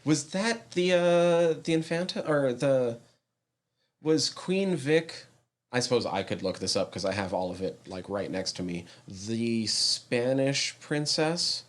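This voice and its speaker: A man co-hosting a podcast in casual chat, relaxed, laughing often and pausing with fillers. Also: medium pitch. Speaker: podcast co-host.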